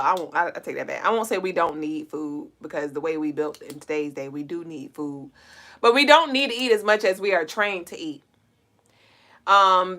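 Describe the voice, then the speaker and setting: A woman's voice: on the low side, sharp tone. A woman hosting a casual livestream, reading out viewer comments and talking straight to her chat in a loose, playful way, with speech.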